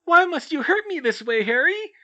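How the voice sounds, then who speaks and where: A man voicing a cheerful puppet boy in a silly high falsetto, with theatrical, wounded lines in a puppet show. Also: sing-song, normal speed, sharp tone, lo-fi sound, exaggerated voice.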